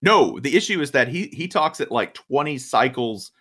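A man with a middle-range voice talks sports on a podcast. He makes his points with emphasis in an easy, conversational style and often pauses for a "right?". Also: medium pitch, very animated, fairly bright tone, breathy edge. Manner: emphatic, keeps asking "right?". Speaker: podcast co-host. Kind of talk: casual sports chat.

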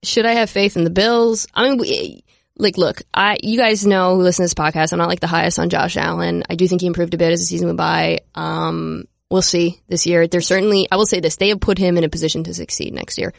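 A man hosting a sports podcast in casual chat, joking and laughing often with quick asides. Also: high-pitched, flat delivery, gravelly, no room sound, studio quality. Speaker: podcast host.

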